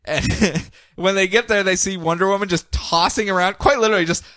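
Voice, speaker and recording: A man co-hosting a podcast, recapping comic books in a casual, animated way and laughing often. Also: high-pitched, dry recording, clean studio sound. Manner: animated, laughing, puts on quick voices for characters. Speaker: podcast co-host.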